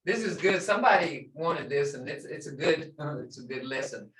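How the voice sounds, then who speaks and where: A woman teaching a language class, animated, acting out reactions and laughing often. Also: deep voice, normal speed. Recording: roomy classroom sound from far off.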